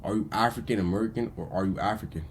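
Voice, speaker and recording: A man's voice: lowish voice, fast talker, a little hiss or hum. A man arguing insistently, repeating his point in a casual back-and-forth. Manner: insistent, repetitive. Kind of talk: casual argument.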